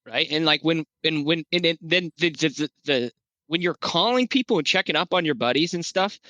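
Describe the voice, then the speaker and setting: A man's voice: a little high, a little fast, dry recording. A man talking as a podcast guest in loose, profane conversation, often restarting his sentences. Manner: animated, profane, rambling with restarts. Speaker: podcast guest, veterans' nonprofit founder.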